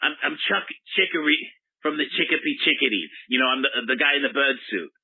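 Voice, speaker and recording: Man putting on a lower, gruff, sweary mascot caller, combative, rambles fast. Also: narrow, tinny audio, natural voice. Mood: aggrieved. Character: foul-mouthed, aggressive male baseball mascot caller.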